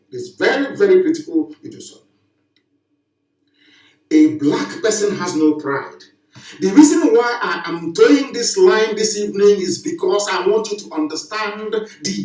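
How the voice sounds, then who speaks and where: Male orator, preaching cadence, repetitive rhetorical questions, set back from the mic in a roomy space. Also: high voice. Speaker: broadcaster. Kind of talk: impassioned live broadcast address. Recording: echoey, distant from the mic.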